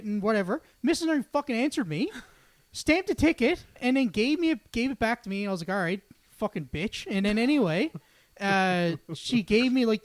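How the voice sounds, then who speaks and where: A man on a casual podcast, telling a story in a profane, animated rant. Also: high voice, dry recording. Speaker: podcast co-host.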